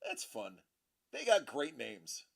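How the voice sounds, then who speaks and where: A man's voice: fairly high pitch, huge pitch swings, takes it slowly, gravelly. A middle-aged man hosting a casual collectibles show, rambling and joking as he tells stories with many restarts. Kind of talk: casual chat.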